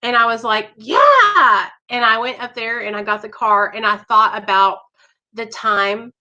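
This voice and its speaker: A woman with a high, bright voice hosts a live stream. She talks to her viewers in an earnest, emotional way. Her voice has a clear, tense edge. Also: level tone, normal speed, muffled recording. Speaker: live show host in recovery.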